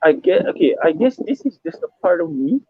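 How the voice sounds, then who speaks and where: A man with a Malaysian English accent, an emcee telling stories in a casual interview, often repeating words when he gets excited. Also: high voice, fairly quick, breathy edge, no room sound. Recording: dry, phone-like narrow sound.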